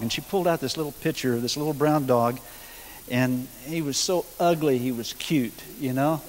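A middle-aged man, telling his testimony at a church seminar in a folksy, hesitant way, full of pauses and chuckles. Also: mid-range voice. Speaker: guest minister sharing testimony. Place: school hall. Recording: long hall reverb, hiss.

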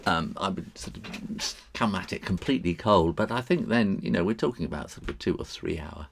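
A man's voice: low voice, a little fast, gravelly, slight background noise. A man hosting a live drawing stream, chatting with viewers as he works. He talks in a rambling way, chuckles often and uses many fillers.

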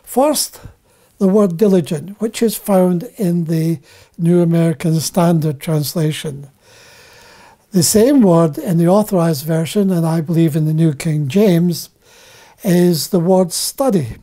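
Slow, deliberate male preacher. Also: fairly high pitch, warm tone. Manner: deliberate, repeats key phrases for emphasis. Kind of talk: Bible teaching sermon.

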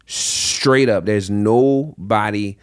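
A man who is a podcast guest, telling animated stories in casual chat and laughing often. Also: lowish voice, drawn-out words, clean tone, no room sound, studio quality.

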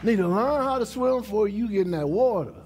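A middle-aged man from New Orleans with a New Orleans accent, a pastor preaching a lively sermon to his congregation in a church. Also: high-pitched, brisk, music in the background. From New Orleans, USA. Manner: animated preaching, dialect-rich, talks straight to the congregation. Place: church sanctuary.

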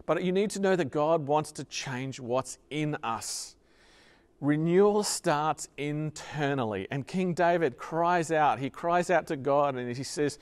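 A man preaching a sermon as pastor, earnestly repeating key phrases and dropping to a soft voice on tender points. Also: mid-range voice, measured pace, clean tone.

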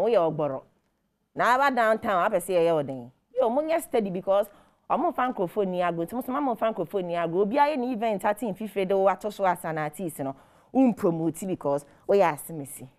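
Woman, Ghanaian accent, entertainment news host, emphatic scolding commentary, mid pitch. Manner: scolding, emphatic, mixing Twi and English. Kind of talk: animated commentary.

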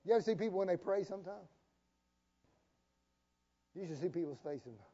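A man's voice: sits high, normal speed, warm tone. A man preaching a sermon as the pastor, folksy and joking, calling on the congregation to repeat after him. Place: church sanctuary. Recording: dull, reverberant live church stream.

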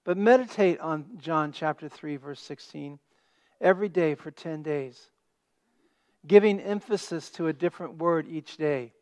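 A man preaching a sermon as pastor, stressing key words and dropping to a hush at the ends of phrases. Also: on the high side, a little slow. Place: church sanctuary.

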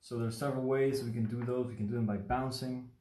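In this casual origami livestream, a Mexican instructor chats and rambles while teaching folds, often checking in with the viewer. His warm, mid-range voice is fast with fairly even intonation. The phone or webcam mic captures an echoey room and a little hiss or hum.

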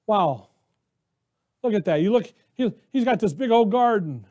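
An American man preaching a conversational, animated sermon who acts out the voices of biblical characters. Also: high-pitched, a little slow, pauses often. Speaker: pastor.

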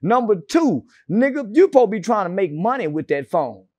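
A man's voice: sits high, sing-song, brisk, a little mellow, no room sound. A man being interviewed, telling stories in a brash, profane and mocking way with sarcastic asides. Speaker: interview guest. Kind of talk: casual interview storytelling.

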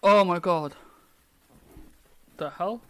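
A young man commenting on a horror game as he plays, often shouting, swearing and panicking. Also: sits high, very slow, clear, resonant tone. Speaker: gaming video host.

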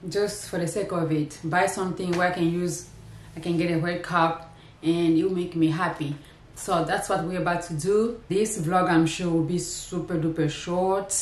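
Woman vlogger, slightly low voice, loose rambling chat to viewers, roomy echo. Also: unhurried, slight background noise. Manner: chatty, rambling, talks straight to viewers. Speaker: lifestyle vlogger. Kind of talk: casual vlog chat to camera. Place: indoors at home. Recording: echoey room.

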